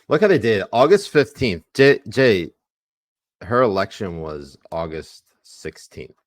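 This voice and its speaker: Low-voiced man, crude mocking podcast banter. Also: big pitch swings, slow, no room sound, studio quality. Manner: crude, mocking, laughs often. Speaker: podcast co-host. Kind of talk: casual political banter.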